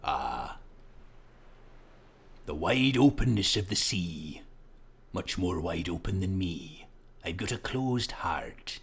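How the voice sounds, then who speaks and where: Man playing a gruff male pirate, husky rough voice, sea-dog slang, lively swings in pitch. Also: slow, pauses often, full character voice. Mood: brooding.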